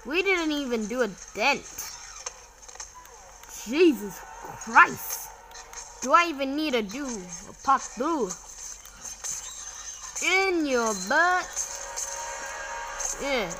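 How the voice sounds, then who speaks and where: Excitable high-voiced kid gamer. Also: poor audio. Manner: excitable, repeats short exclamations and slang. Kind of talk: casual gameplay commentary.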